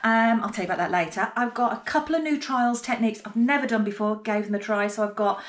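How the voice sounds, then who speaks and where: Chatty middle-aged woman, higher voice. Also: fast talker, a little hiss or hum. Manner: chatty, talks to herself. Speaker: potter. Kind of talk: casual vlog narration. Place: pottery studio by a kiln.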